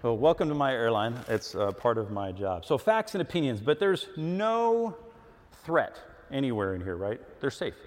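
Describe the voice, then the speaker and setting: A man's voice: medium pitch, a little slow. Middle-aged man preaching in a reverberant hall. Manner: animated, emphatic, acts out little dialogues. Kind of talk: sermon.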